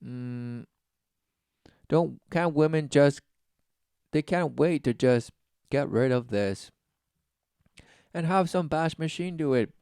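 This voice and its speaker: A man's voice: a little high, takes it slowly, vocal fry, pauses often, a little mellow, no echo, studio quality. A man giving preaching commentary, reading passages aloud and answering them with sarcastic, mocking remarks. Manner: reads study text aloud, then scoffs.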